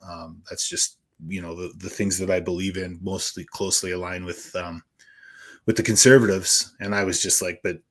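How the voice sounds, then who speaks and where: A man's voice: low voice, little pitch movement, moderate pace, a bit bright. A man hosting a podcast, talking in a frank, opinionated, rambling way. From Canada. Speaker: podcast host. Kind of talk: casual podcast chat.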